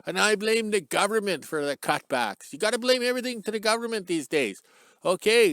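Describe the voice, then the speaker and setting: A high-pitched, slightly bright male voice on a dry recording belongs to a middle-aged Canadian vlogger. Hosting his channel outdoors in cold sun with a handheld camera on a stick, he rambles spontaneously, joking, chatting and losing the thread.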